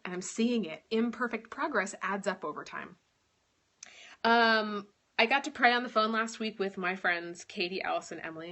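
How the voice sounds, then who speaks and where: Bright-voiced woman chatting on a live stream. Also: mid-range voice. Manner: warm, earnest, faith-talk with frequent ums and little laughs. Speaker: live-stream host and author. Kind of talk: casual live-stream chat.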